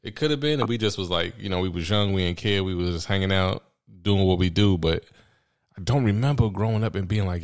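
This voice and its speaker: Brief: deep-voiced New host, relaxed slangy banter, easy laughter. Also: male voice, brisk. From New York. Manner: laid-back, slangy, laughs easily. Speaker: podcast host. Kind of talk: casual chat.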